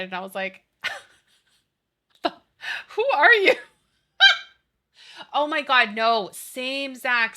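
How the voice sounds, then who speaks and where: A woman in her thirties with a mid-range, sharp-toned voice chats casually with her viewers on a game stream. She's gushing and giggly as she plays.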